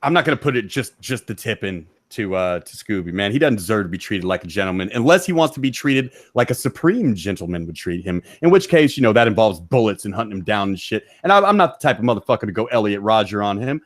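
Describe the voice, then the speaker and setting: A man hosting a stream from a back room of his house, ranting loudly and mockingly with heavy profanity. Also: fairly low pitch, sing-song, no echo, studio quality. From Texas. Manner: loud, mocking, rapid rant. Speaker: stream host.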